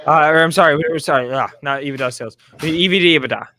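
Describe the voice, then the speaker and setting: A man co-hosting a live stock market show, talking fast and excitedly with lots of stammered restarts. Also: fairly high pitch.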